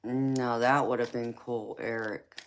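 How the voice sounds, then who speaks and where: Southern American woman, live stream host, slow easy chat, affectionate with viewers. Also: a bass voice. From California. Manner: warm terms of endearment, slow relaxed talk.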